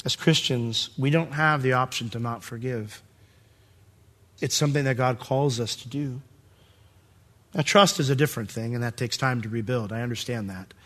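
A male pastor preaching a sermon in a church, animated and acting out the scene in different voices. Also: medium pitch, moderate pace.

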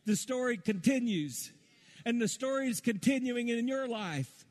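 A man's voice: expressive, a little slow. Impassioned male pastor, sermon in a hall. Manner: passionate preaching, swinging from soaring highs to hushed tender lows. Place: church sanctuary. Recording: reverberant church hall.

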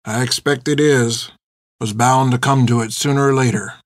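A man's voice: mid-range voice, steady tone, normal speed, no echo, studio quality, natural voice. A man voicing a weary, plain-spoken older religious brother in an audiobook. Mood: grim.

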